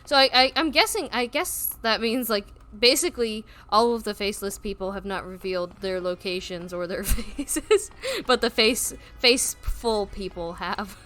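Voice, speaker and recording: A woman's voice: mid-range voice, moderate pace, hardly any pauses, sharp tone, soft background music. A woman with a Southern US accent, streaming from home and chatting casually, sometimes reading out chat messages. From South Carolina, US. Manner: hesitant, reads out chat messages.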